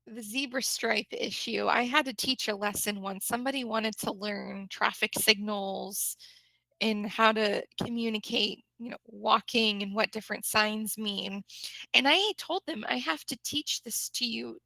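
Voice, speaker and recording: A woman's voice: mid-range voice, measured pace, vocal fry, sharp tone, no room sound, low-quality recording. An American woman, an English teacher, chatting animatedly in a casual conversation and laughing often.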